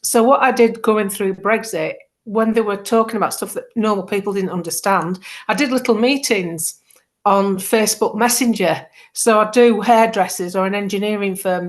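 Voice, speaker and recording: A woman's voice: mid-range voice, moderate pace. A middle-aged woman, chatting casually as a guest and acting out the quotes in her stories. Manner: animated storyteller, acts out quotes. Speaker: political campaigner, guest. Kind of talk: casual chat.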